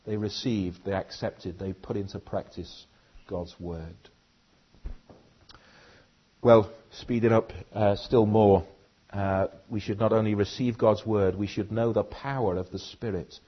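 Husky-voiced preacher delivering a sermon. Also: male voice, lowish voice, steady tone, measured pace, lo-fi sound. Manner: earnest, direct questions to the congregation.

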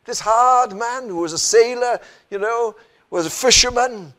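A man's voice: extremely high pitch, measured pace, fairly bright tone. A man preaching a sermon in an earnest manner, often asking the listeners rhetorical questions. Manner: earnest, rhetorical questions, frequent "you know" and "isn't it".

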